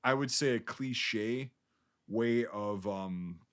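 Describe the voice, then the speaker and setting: A man's voice: medium pitch, takes it slowly. Casual swearing man. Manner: loose, rambling, swears casually, many fillers. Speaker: podcast co-host. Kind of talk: casual film review chat.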